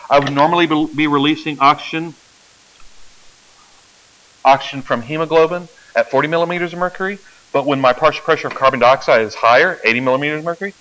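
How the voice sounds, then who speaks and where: A man's voice: on the high side, a bit bright. Man lecturing biology on dull recording. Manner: explains step by step, keeps checking the class follows. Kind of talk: classroom lecture. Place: lecture hall.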